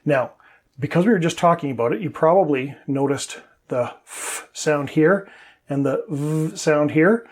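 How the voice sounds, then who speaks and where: Husky-voiced male English teacher. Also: fairly high pitch, measured pace. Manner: patient, step-by-step explaining with demonstrations. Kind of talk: explanatory teaching monologue.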